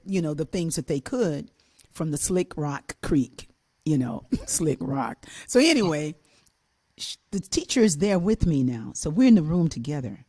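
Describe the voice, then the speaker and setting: An older woman telling a childhood story on a talk show, animated and laughing, acting out the voices of the people in it. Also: low voice. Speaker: co-host and musician.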